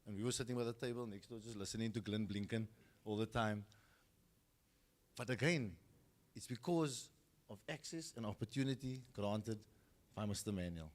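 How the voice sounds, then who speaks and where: A man's voice: on the low side, normal speed, pauses often. A middle-aged man with a South African accent, giving a storytelling speech at a school football launch and acting out the people he quotes.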